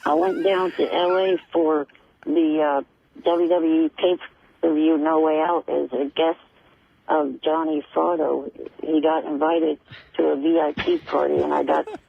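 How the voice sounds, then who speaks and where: A man's voice: a little high, little pitch movement, measured pace, vocal fry. A man calling into a radio show, lecturing the host in an indignant tone. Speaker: caller. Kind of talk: radio call-in. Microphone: telephone. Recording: tinny phone line with faint noise.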